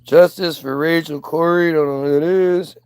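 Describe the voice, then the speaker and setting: A man's voice: a little high, fairly even intonation, moderate pace, darkish tone, clear, resonant tone, no room sound. A man ranting in casual commentary, sarcastic and profane, mocking people as he reacts to clips.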